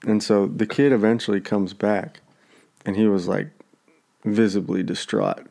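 A man with a fairly low, mellow voice tells a story in relaxed conversation. He jumps up into livelier voices when he quotes the people involved. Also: measured pace, gravelly. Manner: animated storyteller acting out quotes. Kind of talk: casual storytelling chat.

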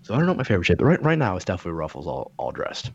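A man's voice: deep voice, racing, breathy edge, lo-fi sound. A man chatting casually as a podcast co-host, swearing freely and wandering from one tangent to the next. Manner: profane, animated, digressive. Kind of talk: casual chat.

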